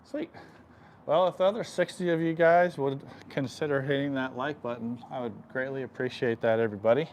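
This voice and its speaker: A man working as an equine chiropractor, explaining stretches on a live stream while softly soothing the horse and often clearing his throat. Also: mid-range voice, steady tone, a little fast, a little hiss or hum. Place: horse stall in a stable.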